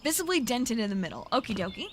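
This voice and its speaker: A woman's voice: fairly high pitch, very animated, fast, background noise. Chatty woman streaming a game. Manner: chatty, giggly, thinking aloud. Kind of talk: casual live-stream commentary.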